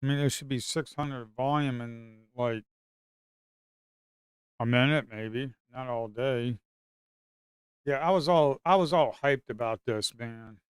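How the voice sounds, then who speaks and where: A man giving casual, rambling commentary on his trading screen, excitable and slangy. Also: medium pitch, measured pace, long pauses, clean tone, no room sound, studio quality. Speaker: futures trader and video host.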